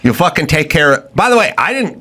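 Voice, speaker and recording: A man's voice: on the high side, big pitch swings, fairly quick, bright, forceful tone. A man hosting a talk show, ranting with sarcasm and profanity and acting out the lines of the people he mocks. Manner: profane, sarcastic, acts out quoted voices. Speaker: show host.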